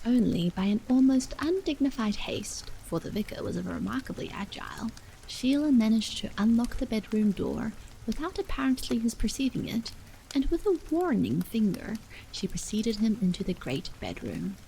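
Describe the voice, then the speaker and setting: A woman reading a bedtime horror story aloud as whispered role-play, hushed and unhurried. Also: a little high, animated, creaky, slight background noise, low-quality recording. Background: rain.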